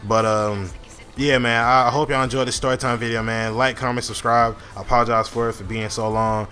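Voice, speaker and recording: A man's voice: medium pitch, flat delivery, fairly quick, pushed and bright. A young man casually telling a long story over gameplay, rambling with lots of fillers, restarts and swearing. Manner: rambling, many fillers and restarts, frequent profanity. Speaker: gaming channel host.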